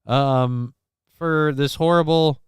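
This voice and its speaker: A man's voice: a little high, steady tone, slow, clean tone, no echo, studio quality, a faint crowd. A man hosting a casual live stream, reacting to news clips with rambling, sarcastic asides. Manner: rambling, sarcastic, mock voices for people in clips. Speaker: show host.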